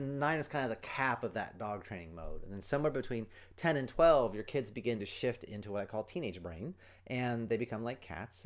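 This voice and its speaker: A middle-aged man hosting a solo parenting podcast, explaining earnestly and acting out quoted lines as he goes. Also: fairly low pitch. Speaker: podcast host, parenting coach.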